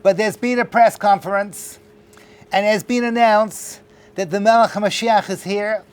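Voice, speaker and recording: A man giving a lively, joking class lecture to a live audience, talking straight to his listeners. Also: sits high, normal speed, clear, resonant tone.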